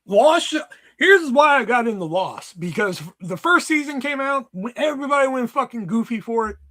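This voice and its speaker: A man in his thirties hosting a casual livestream, rambling and swearing as he tells animated stories. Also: very high voice, normal speed. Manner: rambling, profane, animated storytelling. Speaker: livestream host.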